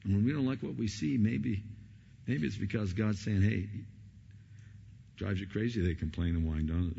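A middle-aged male pastor preaching a sermon, swinging from loud emphatic peaks down to hushed whispers. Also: fairly low pitch, very animated, normal speed, creaky, pauses often, breathy edge, highs cut off.

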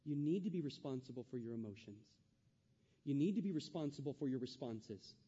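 A man with a very dark, mellow yet high-pitched voice delivers a sermon, pressing his points with rhetorical questions and repeated phrases. His slightly husky tone carries a long reverb, as if heard across a large church hall. The recording itself is dull and lo-fi. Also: animated, brisk. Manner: emphatic preaching with rhetorical questions and repetition. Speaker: pastor.

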